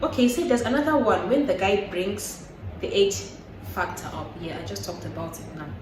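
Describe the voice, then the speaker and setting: A young woman hosts a lively, casual chat and slips into the voices of the people she quotes. She sounds set back from the mic in an echoey room, with a steady noise in the background. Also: mid-range voice, moderate pace, distant mic. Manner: animated, acts out quoted voices with laughter. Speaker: host.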